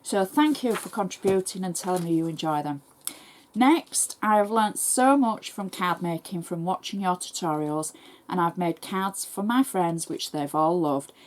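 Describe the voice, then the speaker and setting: English lady reading out fan messages on her craft channel, quick and chatty, says thanks a lot. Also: lowish voice, slight background noise. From England. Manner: brisk, chatty, warmly thankful. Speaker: crafting tutorial host. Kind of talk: reading viewer messages aloud.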